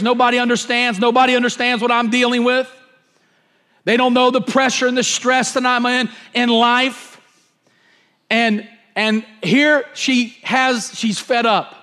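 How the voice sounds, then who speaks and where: A pastor delivers a sermon in a notably high voice for a man. He hammers his points home through repetition and brings the story to life by acting it out. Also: fairly bright tone. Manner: repetitive, emphatic, acts out scenes.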